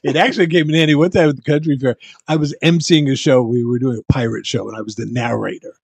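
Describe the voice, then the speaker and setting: An older man telling stories in a casual podcast interview, animated and acting out voices, with many restarts. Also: mid-range voice, quick pace, vocal fry, slightly rough, dry recording. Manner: frequent restarts and stammers. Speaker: guest, bubble performer. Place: podcast room.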